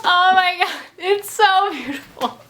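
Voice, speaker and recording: A woman's voice: very high voice, measured pace, background noise. A young woman book vlogger unboxing at home, gushing and giggly, tripping over her words as she talks to the camera mic. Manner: gushing, breathless and giggly, stumbling over names. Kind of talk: excited unboxing vlog. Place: home, indoors.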